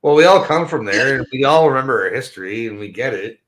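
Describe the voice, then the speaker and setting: Canadian guy on a podcast, high, rambling and swearing a lot, laughs a bunch. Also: lively intonation, quick pace, a bit bright. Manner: rambling, profane, laughing often. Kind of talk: casual chat.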